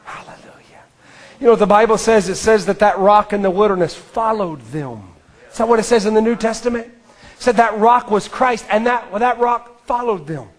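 A man preaching an impassioned sermon, swinging from ringing declarations to hushed near-whispers and repeating his phrases for emphasis. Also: high voice, a little fast. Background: faint music.

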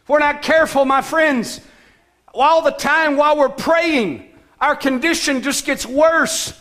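A man preaching a sermon as pastor, emphatic, with shouted calls to action and sudden soft, low passages. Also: a little slow.

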